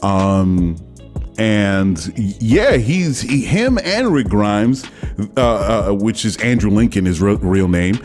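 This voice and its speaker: A man hosting his own podcast, talking casually and excitedly, often breaking into laughter and exclaiming. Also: lowish voice, takes it slowly, faint music behind. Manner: animated, laughs a lot, exclamatory. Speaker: podcast host. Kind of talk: casual solo commentary.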